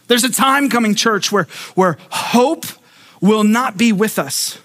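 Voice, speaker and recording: A man pastor preaching a sermon, telling a story with lively acted-out voices and frequent restarts. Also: sits high, takes it slowly. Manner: animated storytelling, acting out voices; repeats words when starting thoughts.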